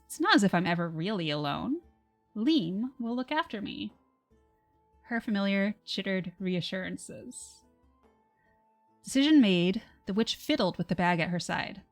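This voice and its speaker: Woman reading her novel aloud. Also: mid-range voice. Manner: soft, measured narration, laughs between passages. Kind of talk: livestream story reading.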